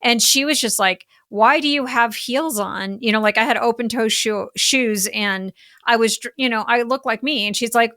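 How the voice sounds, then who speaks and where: A middle-aged woman, a business coach talking as a podcast guest, animated and full of "like" fillers. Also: a little high, moderate pace, no room sound, studio quality. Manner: animated, heavy use of "like" fillers. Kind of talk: casual podcast interview chat.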